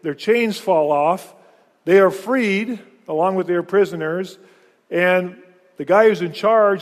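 A pastor preaching to his congregation, a man with a somewhat high voice. He talks earnestly, stumbling back over words and restarting his phrases. His voice rings out with a long reverb, as in a large church hall. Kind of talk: sermon.

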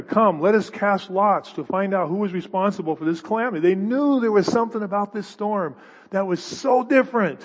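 A middle-aged man preaching a conversational sermon, often restarting his sentences. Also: high voice. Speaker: pastor. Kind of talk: expository sermon. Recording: dull hall reverb.

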